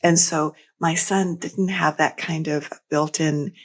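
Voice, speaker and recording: Gentle, husky-voiced woman guest. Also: low-pitched, steady tone. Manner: gentle, unhurried, tender. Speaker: guest author and speaker. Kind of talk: heartfelt storytelling in interview.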